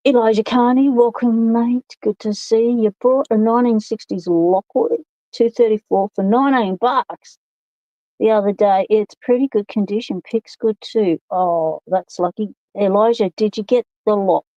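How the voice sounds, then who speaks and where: A woman's voice: fairly high pitch, normal speed, mellow, no room sound, highs cut off. An Australian woman hosting a casual livestream from her home workshop, chatting in a rambling way and greeting viewers by name over a phone microphone. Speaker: livestream host.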